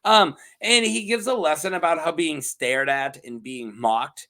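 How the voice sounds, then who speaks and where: A man chatting casually on his own as a show reviewer, laughing often and slipping into quick, goofy character voices. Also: on the high side, bright, forceful tone. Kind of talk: casual solo review chat.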